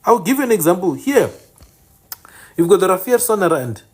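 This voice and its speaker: A man's voice: sits high, very animated, normal speed, a little mellow. Insistent man teaching. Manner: emphatic, corrects names insistently and repeats them. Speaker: channel host teaching indigenous place names. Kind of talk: informal teaching monologue.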